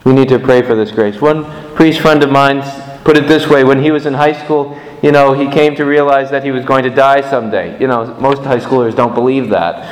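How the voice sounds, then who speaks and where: A man giving a sermon in an earnest, measured way, repeating lines of prayer. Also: mid-range voice, steady tone, echoey room, big-room sound, rough recording.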